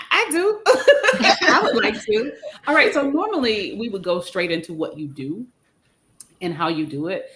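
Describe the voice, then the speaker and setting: A woman hosting a live stream with guests, bubbly and animated, sometimes tripping over her words. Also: mid-range voice. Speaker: livestream host. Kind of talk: upbeat live stream chat.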